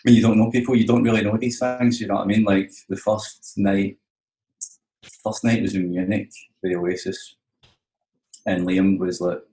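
A man's voice: fairly low pitch, little pitch movement, normal speed, dark tone. A Scottish man, a touring musician, telling stories in casual, rambling, sweary chat, often saying "you know what I mean". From Scotland. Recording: roomy echo.

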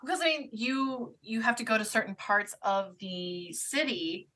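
A woman co-hosting a casual podcast who chimes in often with quick, agreeing remarks. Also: a little high, animated, pushed and bright. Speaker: podcast co-host. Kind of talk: casual chat.

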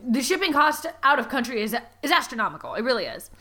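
A woman's voice: high-pitched, very animated, fast, bright, forceful tone. A tipsy woman in casual comedic chat, giggly and crude, reading aloud and telling stories with animation. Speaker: podcast co-host reading a book aloud.

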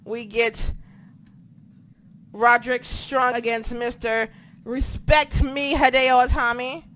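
A woman chatting casually about a wrestling show, excitable, swearing a lot and losing track of names as she talks. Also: on the high side, takes it slowly, a little hiss or hum. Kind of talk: casual chat.

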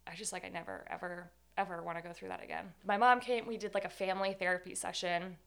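A woman's voice: on the low side, steady tone, quick pace, gravelly, fairly bright tone. A young woman in her twenties, a guest telling her own story in an interview, candid and earnest, with many "like"s. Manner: candid, earnest, says 'like' often.

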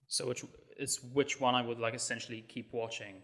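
Bright-voiced young man, dry and rambling. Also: mid-range voice, little pitch movement, a little fast. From Malta. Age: young adult. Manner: dry, rambling, self-deprecating. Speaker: guest. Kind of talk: casual podcast chat.

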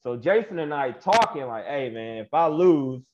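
A young man, a wrestler, telling a story in a casual interview, animated and slangy, laughing often. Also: on the high side, normal speed, dull audio. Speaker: guest wrestler.

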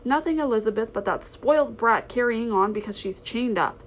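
A woman reading aloud, voicing a stern, sharp-tongued older aunt who scolds and snaps. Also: fairly high pitch, expressive, normal speed, slight background noise, close to an everyday voice. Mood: scolding. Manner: snappish, scolding.

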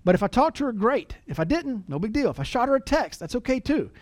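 A man's voice: very high voice, big pitch swings, fast talker, darkish tone, no echo. A middle-aged man giving a conversational sales training talk, folksy and full of anecdotes, often repeating words as he acts out calls to clients.

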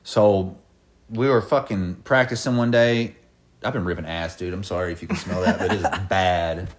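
Profane, animated young man telling stories. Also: low voice, moderate pace, slight background noise. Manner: profane, animated storytelling with laughs. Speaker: podcast co-host telling stories. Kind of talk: casual storytelling chat.

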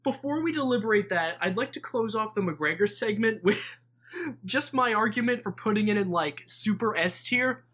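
A man's voice: high-pitched, animated, moderate pace, fairly bright tone, slightly rough. Male podcast co-host, casual sports banter, playful storyteller who plays up mock analysis.

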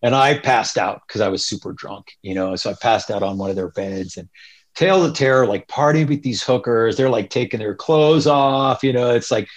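Man, casual storytelling, rambling, mid-pitched. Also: normal speed. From Northern California. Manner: rambling, loose, animated quoting of others. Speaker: interview guest, punk musician.

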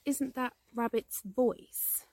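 A woman's voice: fairly high pitch, takes it slowly, a little mellow, no room sound, pitched above the performer's own voice. A woman voicing a friendly, hungry, simple-minded male bear in a storybook reading, earnest and polite. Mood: eager.

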